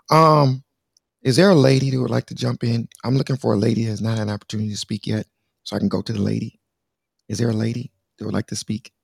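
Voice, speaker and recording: A man's voice: lowish voice, vocal fry, darkish tone, slightly rough, no echo, studio quality. A man hosting a live call-in talk show, slangy and teasing, calling his callers brother. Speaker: host.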